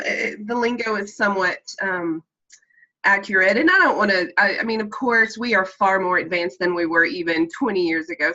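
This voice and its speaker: Speaking through a computer mic on a video call, this Texan woman's medium-pitched voice has a sharp tone, and the call audio is slightly muffled. She's a meeting participant with a mild Texan accent from Texas, USA, chatting casually and earnestly while rambling with many ums.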